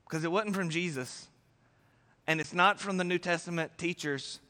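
A man with a high voice preaches a sermon, talking to the room like a conversation and jumping into quick acted-out voices. His lines ring out with the long reverb of a large hall. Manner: animated preaching, acting out voices with big swings in pitch and loudness. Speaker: pastor.

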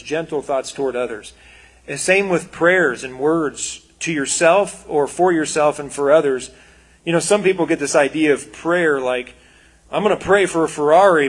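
A man giving a casual, conversational sermon, animated and full of quoted asides. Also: on the high side, husky. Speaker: preacher.

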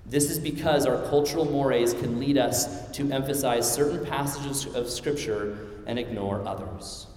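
A man's voice: medium pitch, moderate pace, a little hiss or hum. A young man from the American Midwest with a Midwestern accent, preaching a sermon as pastor in an earnest, conversational way. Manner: earnest, conversational, animated when telling stories. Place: church sanctuary. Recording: echoey hall, mic at a distance.

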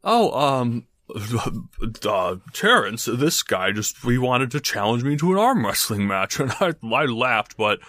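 A man's voice: mid-range voice, big pitch swings, slow pace, a bit bright, no room sound. A man voicing a burly male bartender in a tabletop game, with a sheepish, laughing manner.

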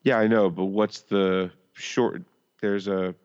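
Male co-host, low voice, halting and wry, muffled lo-fi mic. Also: fairly even intonation, darkish tone, clear, resonant tone. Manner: halting, stumbles over words, wry. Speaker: podcast co-host. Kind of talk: casual profane chat.

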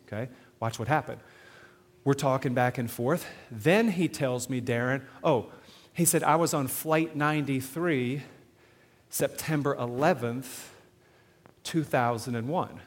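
Animated preacher man in a big hall. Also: mid-range voice. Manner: animated, questions to the crowd, repeats "okay?". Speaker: evangelism speaker. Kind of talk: sermon-style teaching to an audience. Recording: long hall reverb.

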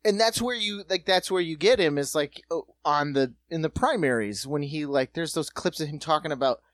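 A co-host in a casual political chat, relaxed and agreeable, often chiming in. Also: medium pitch, normal speed, dry recording.

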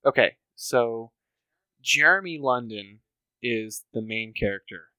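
A man's voice: medium pitch, animated, slow pace, sharp tone, clean tone, dry recording. A man co-hosting a casual movie chat while drinking beer, profane and rambling with fillers, often laughing. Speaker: podcast co-host.

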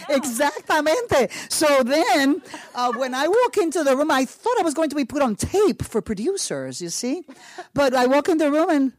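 A woman's voice: high-pitched, moderate pace. A woman with a Puerto Rican accent telling a story on a panel, acting out what people said, laughing often and slipping in Spanish. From Puerto Rico. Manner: animated storyteller, acts out quotes, laughs often, Spanish asides. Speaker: actress on a panel. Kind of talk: panel talk, telling an anecdote.

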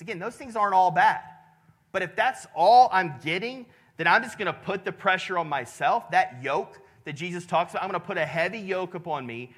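High, bright-voiced pastor preaching. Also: male voice. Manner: conversational, with many restarts and "right?" checks. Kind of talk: sermon.

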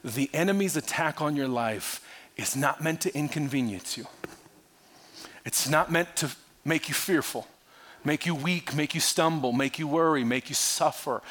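Male pastor, sermon, animated, loud then hushed, fairly high voice.

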